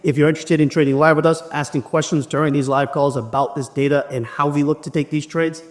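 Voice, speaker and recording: Brief: thirties male trading coach, chatty walkthrough, slightly raised pitch. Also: steady tone, quick pace, big-room sound. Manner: conversational, frequent "right?" tag questions. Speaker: trading educator. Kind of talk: casual market walkthrough.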